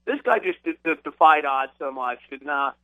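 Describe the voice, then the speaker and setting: A man's voice: on the high side, animated, normal speed, no room sound. A man hosting a radio show, interviewing a guest in a casual way with some hesitations. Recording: tinny phone-band radio audio.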